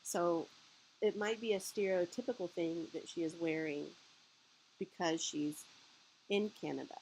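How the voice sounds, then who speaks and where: Woman teacher, guided lesson narration, slightly low voice, faint hiss behind. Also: a little slow, darkish tone, low-quality recording. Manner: patient, explaining step by step. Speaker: French teacher.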